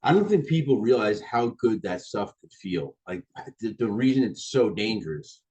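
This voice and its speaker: A man's voice: lowish voice, sing-song, normal speed, dark tone, breathy edge, dull audio. A man hosting a podcast interview in a laid-back, blunt way with casual swearing. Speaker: podcast host.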